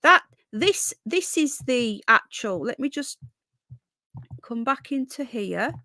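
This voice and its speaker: A woman's voice: on the high side, very animated, takes it slowly, pushed and bright, no echo, clean studio sound. A woman hosting a casual live stream, thinking aloud and greeting viewers by name.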